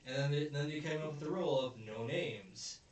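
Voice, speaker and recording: A man's voice: fairly high pitch, brisk. A man hosting a casual film review chat, rambling and searching for words as he acts out quotes. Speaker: video host, film reviewer. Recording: very echoey room, distant mic, faint noise.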